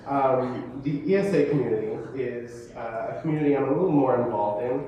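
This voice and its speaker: A man's voice: medium pitch, fairly quick, few pauses, noisy background. A young man in his late teens, a student giving a talk to an audience, self-deprecating and joking, with frequent stammers and restarts. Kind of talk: presentation to an audience. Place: large hall or classroom with an audience. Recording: echoey room, voice from a distance.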